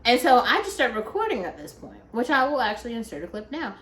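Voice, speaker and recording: A young woman vlogger telling a story in a chatty, animated way, filling her talk with "like". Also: on the high side, fast talker. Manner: chatty, heavy use of "like", animated. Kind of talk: casual storytelling. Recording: echoey room.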